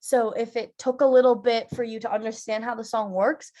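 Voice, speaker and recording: Higher-voiced woman leading theatre warm-ups. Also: fairly even intonation, fairly quick. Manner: leads rhythmic nonsense-syllable chants; addresses young students directly. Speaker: theatre teacher. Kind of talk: online warm-up lesson.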